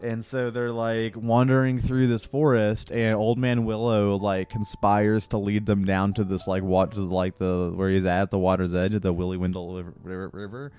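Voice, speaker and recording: Chill podcast guy rambling on, swears a lot, clean smooth voice. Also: on the low side, little pitch movement, normal speed, hardly any pauses, darkish tone. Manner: rambling and profane, lots of fillers. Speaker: podcast host. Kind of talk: casual chat.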